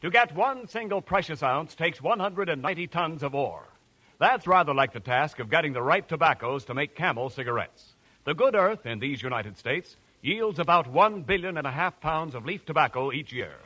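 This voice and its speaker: A man announcing a 1940s radio commercial in a smooth, persuasive sales delivery. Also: on the high side, animated, moderate pace, bright, forceful tone.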